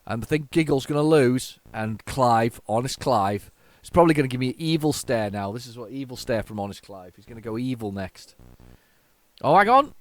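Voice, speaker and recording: A man hosting a casual retro-computing video, chatting in an excitable, rambling and self-mocking way. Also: mid-range voice, fairly quick, hardly any pauses, no room sound. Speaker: host.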